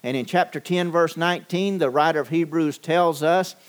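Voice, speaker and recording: A man preaching a sermon, measured and deliberate, with frequent pauses and fillers. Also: fairly high pitch. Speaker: pastor.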